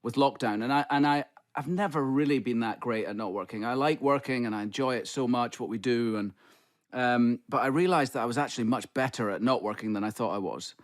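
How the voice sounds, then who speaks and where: A man's voice: medium pitch, a little fast. A man in his fifties with a Scottish accent, telling a story as a guest in a casual, self-deprecating way. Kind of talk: casual conversation.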